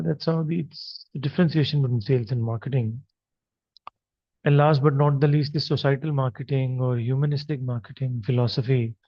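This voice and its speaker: A man with an Indian English accent lectures on marketing while talking through slides. He speaks off the cuff and fills pauses as he goes. The recording is dry and somewhat dull. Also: medium pitch, no echo. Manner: unscripted explaining with many fillers.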